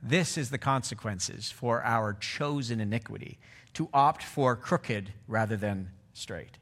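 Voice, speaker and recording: A middle-aged man preaching a sermon in a relaxed, conversational way, often checking in with his listeners. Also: medium pitch, a little slow. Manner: conversational, asks the audience "right?". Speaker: pastor.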